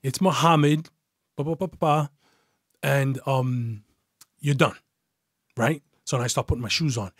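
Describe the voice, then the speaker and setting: A middle-aged man, formerly a police detective, speaks fairly quickly in a husky, medium-pitched voice. In this casual storytelling interview he's blunt and swears often, performing the voices of people in his story, and the clean studio sound has no echo.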